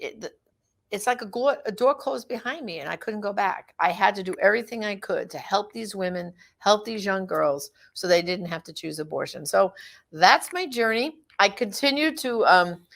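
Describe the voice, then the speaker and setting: A woman's voice: medium pitch, creaky, a bit bright. A middle-aged woman giving a casual personal testimony, telling her story and acting out the voices of the people in it. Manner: storytelling, acts out quoted voices.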